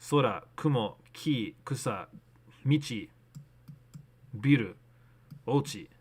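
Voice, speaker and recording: A man's voice: medium pitch, lively intonation, extremely slow, husky. A man casually streaming a map-guessing game, thinking aloud and switching between English and learner Japanese. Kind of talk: casual live-stream commentary.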